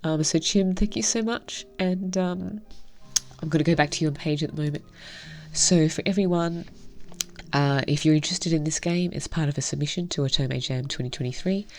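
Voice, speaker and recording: Soft-spoken low-voiced woman reading a game. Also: moderate pace. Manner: soft, half-whispered, heartfelt. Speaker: game reviewer. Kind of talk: reading a visual novel aloud with commentary.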